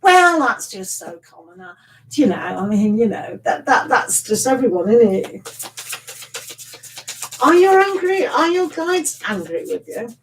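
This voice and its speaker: A woman's voice: on the high side, sing-song, measured pace, slight background noise, poor audio. A middle-aged woman chatting casually with viewers as a tarot reader on a live stream, rambling and teasing with laughs.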